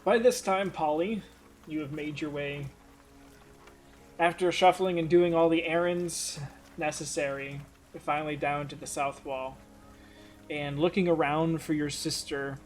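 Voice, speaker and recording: A man running a tabletop game, casual and rambling, with swearing dropped into his narration. His voice is a little high, and faint music plays underneath. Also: fairly even intonation, measured pace. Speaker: game master.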